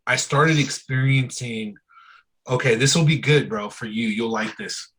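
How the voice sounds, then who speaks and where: A man's voice: medium pitch, unhurried, fairly bright tone, slight background noise, low-quality recording. A man as an interview guest in casual, candid conversation, speaking loosely and frankly and often saying "bro" and "dude".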